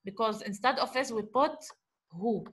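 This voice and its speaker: A woman teaching a grammar lesson, explaining slowly, repeating examples and asking the class rhetorical questions. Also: a little high. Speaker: Arabic teacher.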